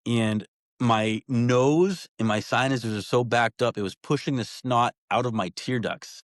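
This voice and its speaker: A man talking as a podcast guest, telling stories in a casual, animated way full of slang like "bro" and "dude". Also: mid-range voice, measured pace, no room sound, clean studio sound. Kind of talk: casual storytelling chat.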